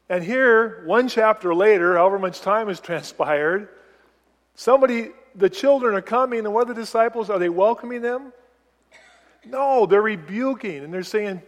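A man preaching a sermon as pastor, animated, putting questions to the congregation. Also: high-pitched, moderate pace, in a large hall.

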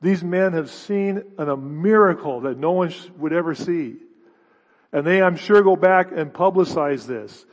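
Male pastor, fairly high voice, dramatic sermon delivery, lo-fi recording with long reverb. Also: measured pace. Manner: dramatic storytelling, stammered restarts. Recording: long reverb, dull lo-fi sound.

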